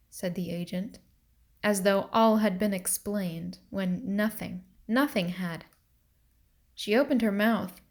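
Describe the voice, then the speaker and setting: Slow, deliberate woman storyteller. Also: medium pitch. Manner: calm, deliberate reading. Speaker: narrator. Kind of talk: storybook reading for students.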